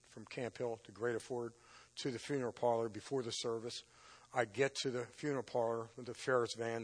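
A man preaching his personal testimony as an emotional storyteller. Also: medium pitch. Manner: emotional storytelling, rising to loud intense peaks. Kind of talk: testimony sermon.

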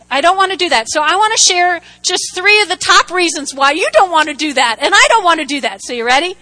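A woman's voice: extremely high pitch, fast talker, few pauses, poor audio. A woman preaching a sermon, telling humorous personal stories and drawing the congregation into call-and-response. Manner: animated, humorous storytelling with audience call-and-response.

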